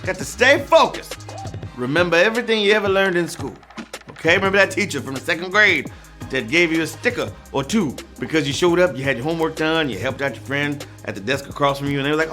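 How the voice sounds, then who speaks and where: A man hosting a live trivia game show, goofy and teasing, squealing high and singing bits with faint music behind. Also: expressive, fast talker, bright, forceful tone. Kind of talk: live-streamed trivia hosting, playful banter. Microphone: phone.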